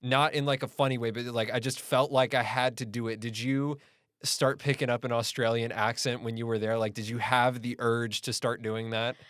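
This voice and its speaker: A man's voice: mid-range voice, normal speed, no echo. Host: young American man, easygoing interviewer, dry close mic. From United States. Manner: relaxed, rambling questions. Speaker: podcast host. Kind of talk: casual interview chat.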